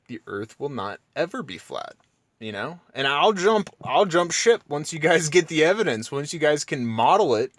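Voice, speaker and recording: A man ranting casually to his viewers, sarcastic and mocking, swearing freely, his voice jumping up when he mimics others. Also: no echo. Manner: excitable, voice jumps high when mocking. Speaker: channel host.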